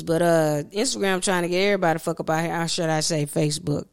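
A woman's voice: fairly low pitch, brisk, clear, resonant tone. Ranting woman on a casual podcast. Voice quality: profane, ranting, animated storyteller. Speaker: podcast co-host. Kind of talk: casual chat.

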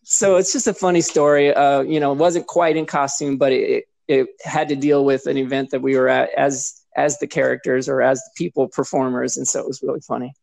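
A man's voice: mid-range voice, brisk, vocal fry, few pauses, no echo. A man who performs as a sports mascot, telling a story in casual chat and animatedly acting out other people's lines. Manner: animated, acts out others' voices in quotes.

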